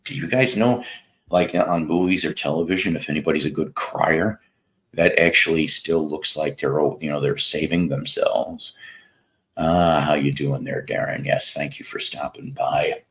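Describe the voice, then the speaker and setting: A man's voice: a bass voice, steady tone, moderate pace, a bit bright. A man in his fifties with a Mid-South American accent, hosting a casual livestream, rambling and sardonic, greeting chat viewers by name. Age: 50s. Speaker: livestream host.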